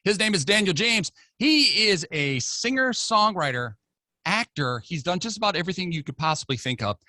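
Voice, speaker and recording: A man's voice: high voice, sing-song, normal speed, pushed and bright, no echo, clean studio sound. An American man hosting a radio talk show, interviewing a guest with jokey, playful banter. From United States. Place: radio studio.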